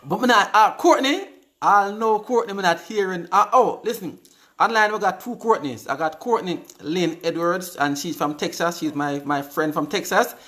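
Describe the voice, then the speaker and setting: A man's voice: high-pitched, moderate pace, pushed and bright. A Jamaican man hosting a live stream, chatting casually and reading out viewers' comments, often repeating his words. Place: indoors on live video.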